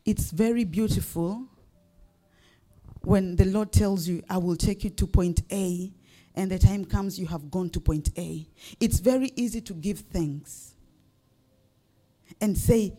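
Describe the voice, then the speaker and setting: A woman's voice: mid-range voice, unhurried, dark tone. A woman pastor preaching a sermon, building up to emphatic rising questions.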